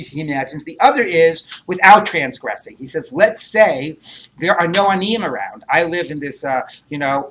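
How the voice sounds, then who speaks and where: A man's voice: sits high, a bit bright. A man teaching a Talmud class, working through texts aloud with many rhetorical questions and fillers.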